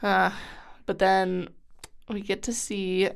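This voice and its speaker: A woman co-hosting a podcast, chatting about a book. She talks in a sassy, emphatic way at a medium pitch. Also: monotone, takes it slowly, creaky, smooth. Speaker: podcast co-host. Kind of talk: casual book discussion.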